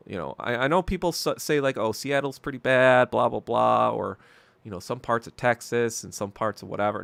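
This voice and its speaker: Gravelly, animated male podcast ranter. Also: lowish voice, no room sound. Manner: profane, ranting, animated. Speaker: podcast host. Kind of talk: casual solo commentary.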